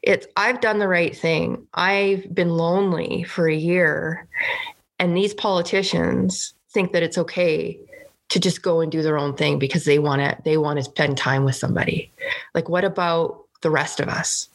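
A woman's voice: fairly low pitch, steady tone, normal speed. A woman from Canada, a provincial legislator, talking earnestly and indignantly in a casual political podcast, with many "like" fillers.

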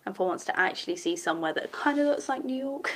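A woman, casually commenting on a TV episode as she watches, sarcastic and quick to swear and laugh. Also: medium pitch, expressive, a bit bright. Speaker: TV episode reactor.

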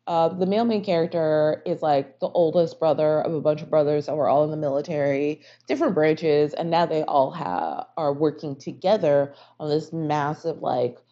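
Woman, low and dark-toned, casual rambling book-review monologue, muffled lo-fi sound. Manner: rambling, heavy use of "like" fillers. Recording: slightly muffled lo-fi recording.

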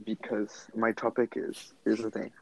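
Gravelly young guy rambling on a call. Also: lowish voice, completely flat delivery, normal speed, darkish tone, low-quality recording. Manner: slangy, rambling, lots of fillers. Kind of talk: casual chat among friends on a call.

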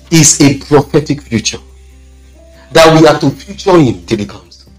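Animated Nigerian preacher, lively high voice. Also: male voice. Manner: animated and emphatic, with repeated phrases and restarts. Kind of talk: conference sermon.

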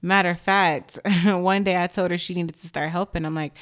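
A young adult woman hosting a podcast, talking candidly and rambling with lots of filler words while high. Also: steady tone, fairly quick, hardly any pauses. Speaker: podcast host. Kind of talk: casual chat.

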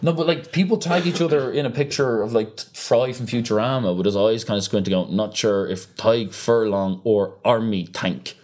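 A young man chatting casually on a podcast, ranting with animated energy and free swearing. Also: on the low side, normal speed, few pauses. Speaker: podcast co-host. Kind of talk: casual chat.

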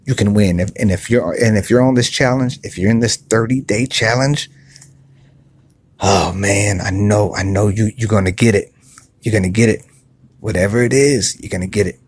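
Man podcaster, husky and low, speaking softly into a phone outdoors, earnest and repetitive. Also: moderate pace, dry recording. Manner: earnest, repetitive, restarts often. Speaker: podcast host. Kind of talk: casual motivational talk. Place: outdoor patio by a pool at night.

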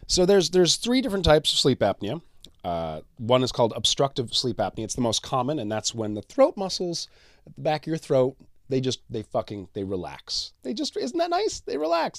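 Sarcastic, lively-voiced male podcast host. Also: medium pitch, no room sound, studio quality. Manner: sarcastic, swears often, laughs at his own jokes. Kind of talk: casual solo podcast monologue. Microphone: studio mic.

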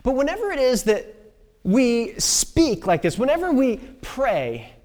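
A woman preaching a personal testimony sermon, telling a story with pauses and sudden soft drops in her voice. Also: sits high, big pitch swings. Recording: long reverb of a large hall.

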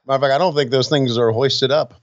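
A man's voice: medium pitch, steady tone, fast talker, dry recording, dull audio. A man co-hosting a podcast, wry and profane, joking while watching wrestling. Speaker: podcast co-host. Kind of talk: casual chat watching wrestling.

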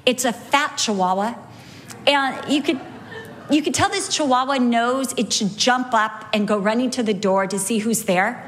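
A middle-aged woman teaching from the Bible, telling lively stories and slowing down to stress key points. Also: on the high side. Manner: animated storyteller, slows for emphasis. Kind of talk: sermon teaching with anecdotes.

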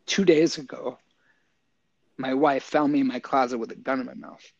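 A man's voice: mid-range voice, normal speed, no echo, dull audio. A middle-aged man, an army veteran and yoga teacher, casually telling stories in an interview and acting out what people said. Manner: animated storyteller, acts out quotes with lots of "like".

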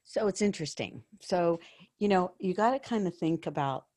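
A woman with a somewhat low voice speaks earnestly about faith and her work with the dying. She tells little stories in an easy conversational way. The sound is dry and close, with no room around it. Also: lively intonation, normal speed, darkish tone, no room sound. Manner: earnest, storytelling, spiritual. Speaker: hospice worker and bereavement counselor. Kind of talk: conversational interview.

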